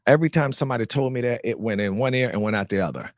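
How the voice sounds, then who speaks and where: Fast-talking animated male storyteller. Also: medium pitch, no room sound, clean studio sound. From North Carolina. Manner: animated storyteller who acts out quoted people; repeats words as he restarts. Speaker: actor guest. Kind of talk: storytelling in a live interview.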